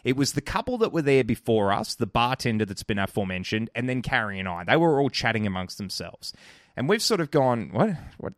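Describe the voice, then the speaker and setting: A man's voice: mid-range voice, sing-song, fairly quick, no echo, clean studio sound. A young man, co-hosting a podcast and telling a long anecdote with a suspenseful build-up. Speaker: podcast co-host. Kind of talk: casual chat, storytelling.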